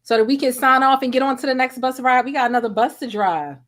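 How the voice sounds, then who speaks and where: A woman from Baltimore, speaking with a Baltimore accent, chats casually to camera in a commentary vlog. Her voice is high-pitched and a bit bright, she talks fast, and now and then she turns to talk to her cat.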